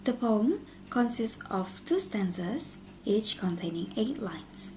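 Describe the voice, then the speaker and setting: A young woman student giving a class presentation, reading her part in a steady, list-like way. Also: medium pitch, slow pace, low-quality recording. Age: young adult. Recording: faint background noise.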